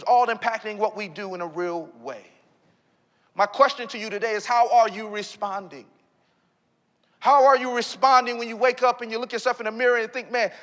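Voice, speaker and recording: Man telling a dramatic story in a hall. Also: high-pitched. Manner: dramatic storyteller, swings from loud excitement to hushed reflection. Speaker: keynote speaker. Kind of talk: motivational keynote storytelling. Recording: reverberant hall recording.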